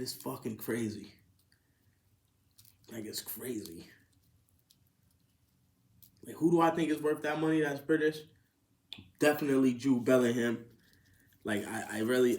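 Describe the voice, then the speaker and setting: A man's voice: on the low side, a little mellow. A man hosting a casual sports podcast, swearing freely and rising into incredulous outbursts. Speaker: podcast host. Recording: roomy echo.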